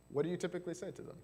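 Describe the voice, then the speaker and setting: A man's voice: high-pitched, mellow. A male marriage and family therapist giving a chatty seminar talk to a live audience, often asking them questions. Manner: chatty, asks the audience questions, frequent fillers. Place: church hall. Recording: long hall reverb.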